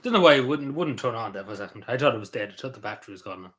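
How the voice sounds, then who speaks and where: A man's voice: medium pitch, lively intonation, racing, a bit bright. An Irish man streaming a casual chat. He rambles loosely, with lots of ums, uhs and likes. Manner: meandering, full of ums and likes.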